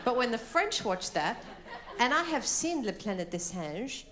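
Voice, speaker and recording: On stage in front of a live crowd, a woman performs a stand-up routine, telling her story in a chatty, self-deprecating way. Her fairly high voice is very animated but a little slow. The stage mic catches loud audience laughter, so the clip is very noisy.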